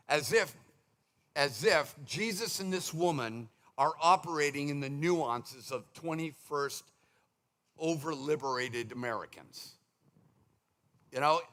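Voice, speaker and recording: Animated, bright-voiced male preacher. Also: a little high. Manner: animated, conversational preaching with mimicked asides. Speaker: pastor. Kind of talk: sermon. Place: church sanctuary.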